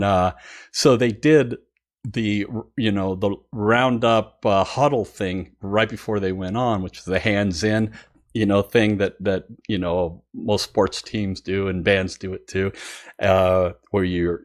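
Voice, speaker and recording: A man who hosts a music channel, telling a story casually and excitedly, with many fillers and frequent laughter. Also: fairly low pitch, slow pace.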